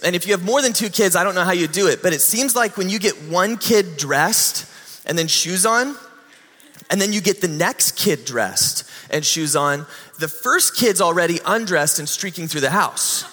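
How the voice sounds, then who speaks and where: Man in his thirties, high bright voice, animated church talk, long hall echo. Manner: lively and animated, laughs often. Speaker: children's ministry leader. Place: church sanctuary.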